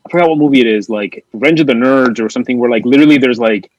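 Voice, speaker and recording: A man with a slightly husky voice talks through an old film in a loose, rambling podcast chat, leaning on filler words. The recording is dry and a little dull and lo-fi. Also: mid-range voice, rapid-fire, no room sound. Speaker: podcast co-host. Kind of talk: casual movie discussion.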